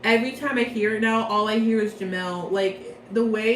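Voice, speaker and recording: A woman's voice: a little high, steady tone, normal speed, fairly bright tone, roomy sound, slight background noise, poor audio. A young woman giving a casual plot recap from memory, chatty and slangy, rambling playfully. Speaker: vlogger.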